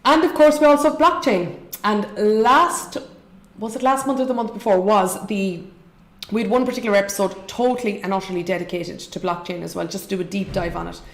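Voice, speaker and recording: A woman's voice: medium pitch, brisk, reverberant. An Irish woman hosting a live investing show, upbeat and chatty as she reads out viewer comments. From Ireland. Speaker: show host.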